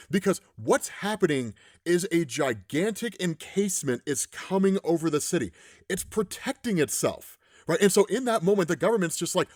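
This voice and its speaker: Animated man recapping comics. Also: high-pitched, brisk, no room sound, studio quality. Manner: animated, keeps adding "right?". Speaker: comics explainer. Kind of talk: casual comic recap commentary.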